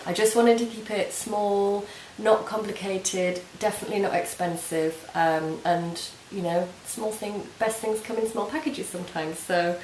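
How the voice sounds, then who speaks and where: A woman's voice: medium pitch, measured pace, few pauses, a little mellow. A woman hosting a knitting video podcast, chatting casually and gushing with many ums and restarts. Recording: roomy home recording with faint hiss.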